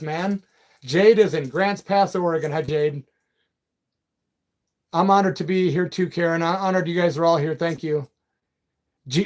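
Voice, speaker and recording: A man hosting a casual live chat, reading out viewer comments in a loose, friendly way and calling people brother and man. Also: high-pitched. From Peoria, Illinois. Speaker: livestream and radio host.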